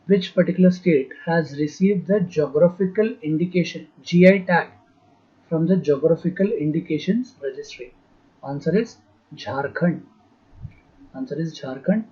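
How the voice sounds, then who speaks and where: Husky man dictating an exam lesson. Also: a little high, lo-fi sound. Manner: repeats terms slowly for students to write down; frequent "uh" fillers. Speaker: exam prep teacher. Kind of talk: dictation-style lecture.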